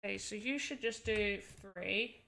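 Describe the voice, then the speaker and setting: A woman streams while building a game, thinking aloud as she tests it and exclaiming at what happens on screen. Her mid-range voice is unhurried and gravelly, with a bright, forceful tone, and the talk is casual live-stream chat.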